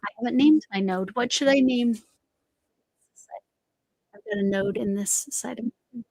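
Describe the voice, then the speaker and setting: Gravelly-voiced chatty woman host. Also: on the high side, unhurried, darkish tone, dry recording, poor audio. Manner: rambling, chatty, trails off and restarts. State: voice slightly going. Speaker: crochet livestream host. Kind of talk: casual chat while crocheting.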